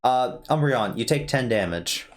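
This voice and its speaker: A woman's voice: extremely low pitch, lively intonation, measured pace. A woman narrating as game master in a casual tabletop game, talking loosely with hesitations.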